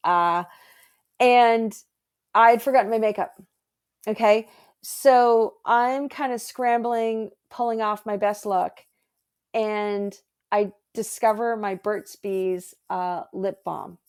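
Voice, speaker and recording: A woman guest, an energy healer, chatting casually and telling stories with lively acted-out quotes. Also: takes it slowly, smooth. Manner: animated, acts out quotes in a higher voice. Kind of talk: casual storytelling chat.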